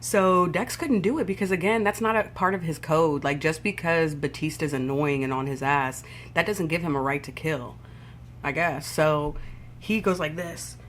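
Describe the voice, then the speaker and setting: A woman vlogger recapping a TV episode in a casual, profane, animated storytelling way, with sound effects. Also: low-pitched, moderate pace, a little hiss or hum.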